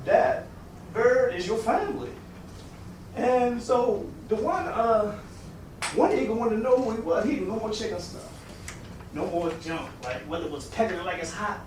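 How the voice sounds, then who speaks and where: Man, very high voice, casual animated storyteller; distant mic, strong room echo. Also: moderate pace, slight background noise. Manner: animated, acts out quotes with big pitch jumps and shouts. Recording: very echoey room, recorded from a distance.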